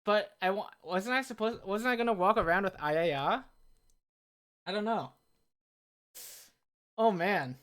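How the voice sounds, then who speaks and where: A woman's voice: medium pitch, a little slow, pauses often, fairly bright tone. A woman casually commenting as she plays a video game on a live stream, chatty and joking. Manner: chatty and joking, reacts with laughs and asides.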